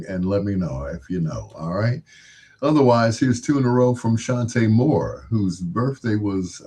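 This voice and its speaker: A man hosting a late-night love-songs radio show, joking and laughing between shout-outs and song intros. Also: low-pitched, slightly rough. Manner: playful, laughing asides, mock-imitates other DJs.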